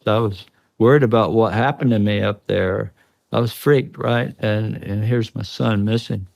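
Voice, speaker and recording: Male podcast guest, low fry-edged voice, dry studio sound, tense and earnest retelling. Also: fairly even intonation, normal speed, a little mellow, no echo. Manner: earnest, tense storytelling, breaks off and restarts. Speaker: interview guest. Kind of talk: recounting a personal experience in a podcast interview. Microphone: studio podcast mic.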